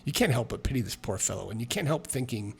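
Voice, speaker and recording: A man's voice: medium pitch, expressive, fast, creaky, a little hiss or hum. A man reading a solo tabletop adventure aloud, with chatty, self-mocking asides between passages. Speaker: solo tabletop game player and narrator.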